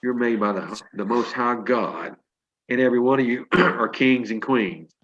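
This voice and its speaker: A man's voice: mid-range voice, moderate pace, a bit bright, muffled recording, a little hiss or hum. A man in his sixties giving an emphatic, preachy motivational pep talk to a sales team over a video call, with folksy storytelling.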